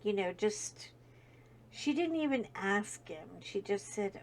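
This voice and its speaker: A woman's voice: mid-range voice, expressive, slow, a little hiss or hum. A woman hosting a chat video, telling a heartfelt personal story in a rambling way with many fillers. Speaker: host. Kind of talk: casual storytelling.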